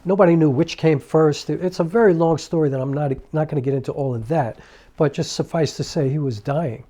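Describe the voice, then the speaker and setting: A middle-aged man earnestly telling a personal story in a conversational way, with restarts and asides, over soft piano music. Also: a little high. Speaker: filmmaker and storyteller.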